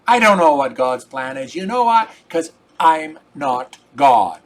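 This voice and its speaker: An older man, a grandfather, spins a long personal yarn in a homespun, meandering way. His voice sits a touch high for a man, and he drifts into earnest preaching about faith. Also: sing-song, a little slow, hardly any pauses. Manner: folksy, rambling, repeats "I says". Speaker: storyteller. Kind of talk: casual spoken storytelling.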